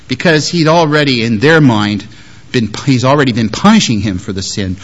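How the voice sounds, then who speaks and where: A man preaching a sermon as a pastor, moving between strong emphasis and quiet, softly spoken quotes. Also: mid-range voice, moderate pace, highs cut off. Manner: lively, shifts between loud emphasis and soft quoted words.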